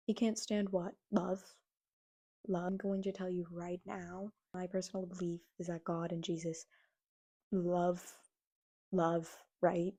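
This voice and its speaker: A young woman vlogging her opinions in a casual, animated, exasperated way, often mimicking the people she criticizes. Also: lowish voice, a little slow. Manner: animated, exasperated, mocks others in quoted voices. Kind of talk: casual opinion rant to camera.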